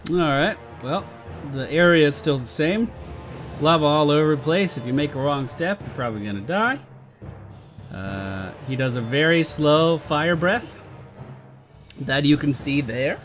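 A man's voice: on the high side, lively intonation, a little slow, fairly bright tone, soft background music. A man giving casual gameplay commentary on a let's play, swearing and exasperated, talking back at the game.

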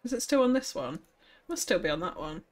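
A woman's voice: fairly high pitch, sing-song, fairly quick, gravelly. Chatty woman streamer thinking aloud. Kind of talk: casual live-stream commentary while building.

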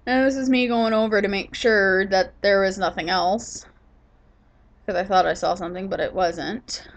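A woman's voice: medium pitch, steady tone, moderate pace. A woman doing a casual voice-over of her own gameplay footage, sleepy and yawning, rambling with lots of fillers and restarts. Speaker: gaming channel host.

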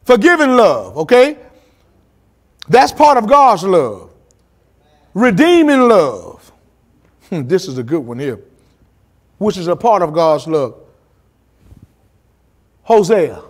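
A pastor leads a church Bible study, his voice sitting high for a man and swooping all over. He preaches with dramatic pauses and acts out the quotes, dropping casual asides in a church setting. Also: very animated.

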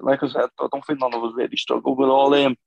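Gravelly, blunt young man. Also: mid-range voice, level tone, fast talker, no room sound, lo-fi sound. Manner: blunt and sweary, calls everyone lad. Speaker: MMA fighter guest. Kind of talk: casual podcast chat.

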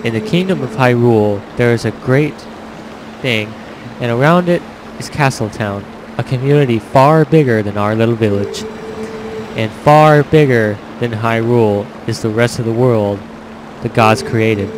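A man voicing a calm, wise grown male villager in a video game, speaking solemnly. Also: mid-range voice, normal speed, background noise, pitched below the performer's own voice, natural voice. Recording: game music behind.

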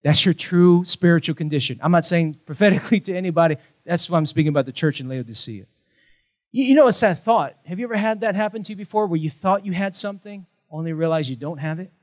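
A man's voice: a little high, fast. A male pastor, preaching a sermon with emphatic, punchy repetition and light jokes.

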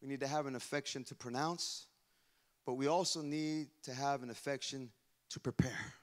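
A male pastor preaching a fervent sermon in a church, declaring and chanting lines to the congregation and often shouting. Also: mid-range voice, fairly even intonation, moderate pace. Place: church sanctuary.

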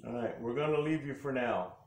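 A man questions an unseen spirit in a gentle, coaxing voice, repeating himself patiently. The sound is roomy, with clear noise behind him. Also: medium pitch, brisk. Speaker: paranormal investigator. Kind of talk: talking to a spirit during an investigation. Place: old log cabin museum indoors. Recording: roomy, noisy field recording.

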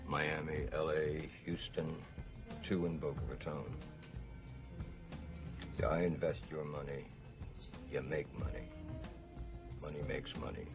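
An actor playing a crude, boastful gangster boxing promoter who drawls slowly and laughs between lines. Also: male voice, rumbling low, little pitch movement. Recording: film soundtrack with music behind.

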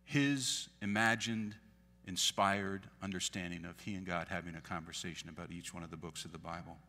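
A man, a pastor, giving a memorial eulogy with earnest, emphatic delivery that swells to sudden loud peaks. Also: sits low, steady tone, normal speed. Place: church sanctuary. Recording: long church hall reverb.

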